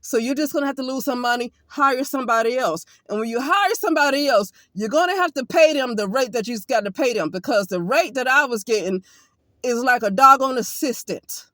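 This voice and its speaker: Blunt high-voiced woman. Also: a little fast, a bit bright, no echo. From Alabama, US. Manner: blunt, emphatic, with casual profanity. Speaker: occupational therapist. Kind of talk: casual monologue vlog.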